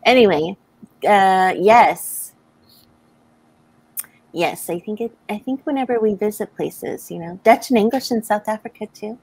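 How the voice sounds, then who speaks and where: A woman's voice: mid-range voice, unhurried, long pauses, a little mellow, slightly rough, dry recording, rough recording. An American woman hosting a live writing stream, chatting casually, laughing often and reading viewer comments aloud. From United States. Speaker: livestream host.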